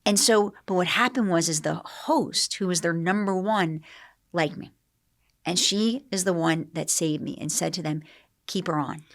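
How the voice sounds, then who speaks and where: A middle-aged woman, a podcast guest, telling animated stories in a casual interview. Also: on the low side, moderate pace. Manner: animated storyteller, acts out quotes. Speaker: podcast guest, celebrity groomer.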